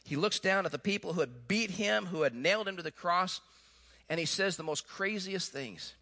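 Brief: male pastor, sermon, high-pitched and bright, animated storyteller. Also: normal speed. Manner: animated storytelling, then quiet and earnest.

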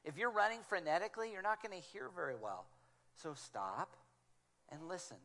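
A man delivers a sermon in a fairly high voice. He tells stories animatedly and slips into hushed, quiet tones when he quotes others. He speaks into a small clip-on mic. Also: lively intonation, moderate pace. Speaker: guest preacher.

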